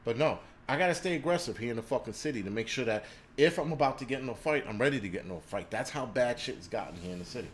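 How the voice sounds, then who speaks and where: A man's voice: medium pitch, lively intonation, fast talker, a little hiss or hum. A man hosting a prepping channel, ranting on a livestream and swearing constantly in a crude, combative way. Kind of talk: profane livestream rant. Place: indoors in a city.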